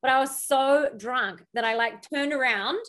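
A woman's voice: sits high, normal speed, a bit bright, a little hiss or hum. A woman in her thirties, a guest on a video-call interview, chatting casually and rambling through stories with frequent giggles. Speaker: guest, podcast co-host.

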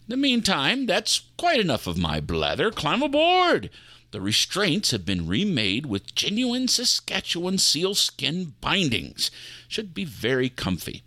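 A theatrical host leads listeners in a low, showman's voice. His tone is bright and pointed, and his pitch swings widely for effect. The recording is close and completely dry. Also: wildly swooping pitch, moderate pace, no room sound. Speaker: host and narrator of an audio fiction show. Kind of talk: theatrical spooky host narration.

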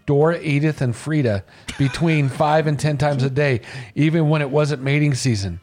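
A man's voice: a little high, moderate pace, darkish tone, a little hiss or hum. A man co-hosting a radio morning show, reading out an odd news story with jokes and laughs. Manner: joking, laughs while reading. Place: radio studio.

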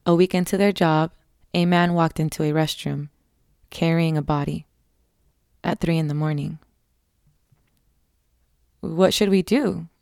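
A woman narrating a scripted horror story in a measured, somber way, close to the mic. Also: low-pitched, flat delivery, a little mellow, smooth, dry recording.

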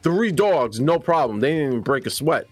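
A man's voice: a little high, lively intonation, normal speed, dry recording. A man voicing Cade, a friendly hard-drinking wasteland townsman who rambles and reassures, over faint music.

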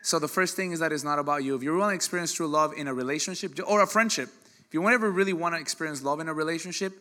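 A man preaching a sermon in an animated, joking way, with sudden loud bursts. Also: on the high side. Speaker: pastor.

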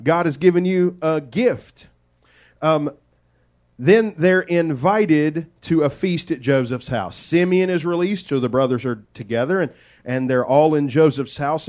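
A man preaching, retelling a story in a lively, conversational way with folksy asides. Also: fairly high pitch. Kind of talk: sermon storytelling.

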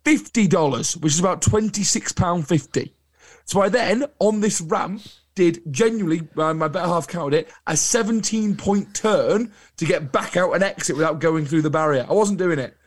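Animated English man telling stories. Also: sits high, normal speed. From England. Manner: animated anecdotal storyteller. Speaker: podcast co-host. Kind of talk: casual podcast chat.

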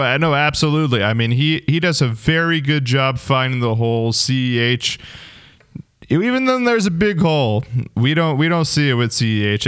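A man's voice: medium pitch, a bit bright, smooth, no room sound. A man co-hosting a casual sports podcast, talking emphatically like a hype man. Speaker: podcast co-host.

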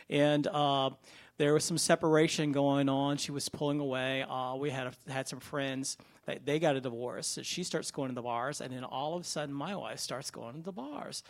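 A man sharing a personal testimony in church, earnest and conversational. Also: on the high side. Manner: earnest, conversational, with fillers and restarts.

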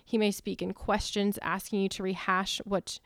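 Smooth, even-toned woman reading points. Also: medium pitch, dry recording. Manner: steady, measured, cites verses one after another. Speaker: church co-host. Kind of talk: reading out a list of teaching points.

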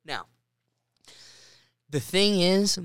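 A man's voice: high voice, lively intonation, very slow, fairly bright tone, clear, resonant tone, no room sound, clean studio sound. A man hosting a podcast, chatting casually and jokily while tasting beer, rambling a little as he drinks. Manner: rambling, jokey, tipsy. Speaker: podcast host.

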